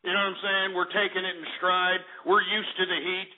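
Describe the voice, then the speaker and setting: A man's voice: high-pitched, little pitch movement, a little fast. A man from Texas hosting a talk radio show, rambling in a folksy, blunt way with mild swearing. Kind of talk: casual talk radio monologue. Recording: tinny phone-like radio audio.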